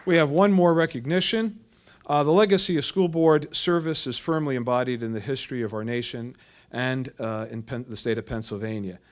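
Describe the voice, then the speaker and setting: A man speaks at a school board meeting, delivering formal recognitions in a measured way. He often stops to hesitate between phrases. His voice sits at an ordinary middle pitch.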